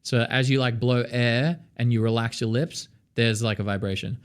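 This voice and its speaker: A man's voice: medium pitch, fairly even intonation, moderate pace, slight background noise. Chatty Australian man giving a vocal lesson. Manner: chatty, lots of fillers, sings demonstrations. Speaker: vocal coach.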